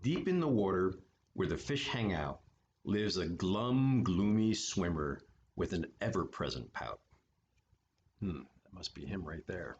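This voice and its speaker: Slow, low-voiced man reading a story. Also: muffled recording, slight background noise. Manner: relaxed, chatty asides with fillers. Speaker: story time reader for an art studio. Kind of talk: children's story time reading. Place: art studio.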